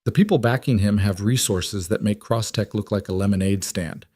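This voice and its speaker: Here a male narrator takes on a cool, commanding female colonel, keeping her orders crisp, controlled, and clipped. He speaks at a moderate pace in a fairly low, plain, natural voice with a warm tone. The close, dry recording has no echo.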